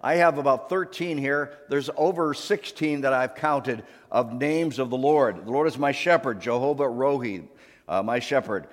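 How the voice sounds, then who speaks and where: Male pastor, sermon delivery, chatty preaching style, mid-pitched voice, reverberant sanctuary. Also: measured pace. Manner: warm conversational preaching, leads congregation in call-and-response. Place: church sanctuary. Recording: long hall reverb.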